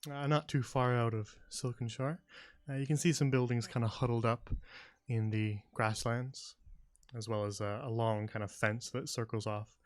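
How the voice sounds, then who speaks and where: A man narrating a tabletop game as game master in a relaxed, hesitant way. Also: mid-range voice, moderate pace, dry recording, studio quality. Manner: relaxed, hesitant with many "uh" and "kinda".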